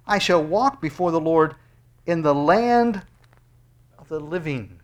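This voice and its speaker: Man preaching, swinging from loud to hushed. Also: animated, takes it slowly. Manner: swings between loud, high exclamations and hushed, low asides. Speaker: pastor. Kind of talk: sermon with scripture reading and closing prayer.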